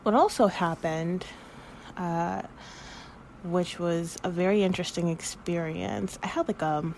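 A woman in her thirties talks slowly in a casual podcast monologue, rambling, candid and free with swear words. Her voice sits a little low and carries emotion close to tears, with a faint hiss of room ambience behind her. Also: creaky, a little mellow. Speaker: podcast host.

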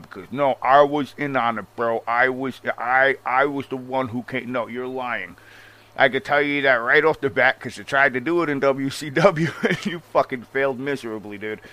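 A man ranting casually about wrestling history in a profane, animated and sarcastic manner. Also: mid-range voice. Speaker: wrestling commentator. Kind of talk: casual rant.

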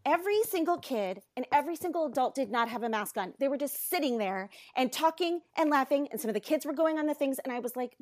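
A woman in her thirties telling a story in casual chat, animated and exasperated, swearing and cutting herself off. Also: high-pitched, a little fast, no room sound, clean studio sound.

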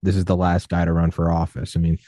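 A young man hosts a podcast in a low, mellow voice, chatting loosely and drifting into long stories. He acts out the people he quotes and then falls back into easy conversation. The sound is close and dry. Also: fast talker, no echo. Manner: rambling storyteller, quotes others in animated voices. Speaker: podcast host. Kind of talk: casual interview chat.

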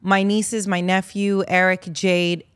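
A woman's voice: mid-range voice, flat delivery, slow pace, smooth. A woman co-hosting a casual chat, eager and full of questions. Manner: eager, asks lots of questions. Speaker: co-host.

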